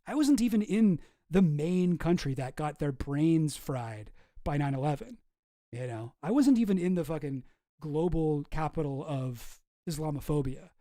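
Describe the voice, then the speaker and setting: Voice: medium pitch, animated, unhurried, mellow, no room sound, studio quality. A streamer from Canada giving casual, profane, rambling political commentary with a sarcastic edge.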